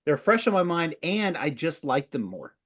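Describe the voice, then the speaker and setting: A male podcast co-host chatting casually, laid-back and quick to laugh. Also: on the high side, big pitch swings, a bit bright. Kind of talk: casual chat.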